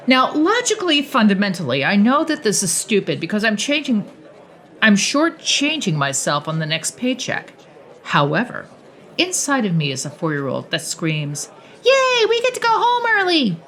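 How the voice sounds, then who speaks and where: Woman narrator, lowish voice with lively pitch swings, first-person audiobook read. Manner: expressive, swings pitch widely for dialogue.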